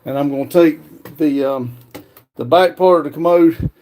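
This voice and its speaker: A man co-hosting a casual livestream, talking quietly and haltingly while showing his building work. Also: fairly high pitch, a little hiss or hum. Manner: soft-spoken, halting, many fillers.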